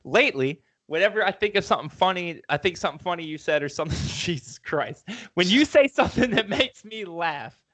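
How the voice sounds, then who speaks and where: An excitable man co-hosts a casual podcast in a high voice that leaps all over the place. He swears freely and acts out little scenes as he talks. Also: a little fast, hardly any pauses. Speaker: podcast co-host. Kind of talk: casual chat.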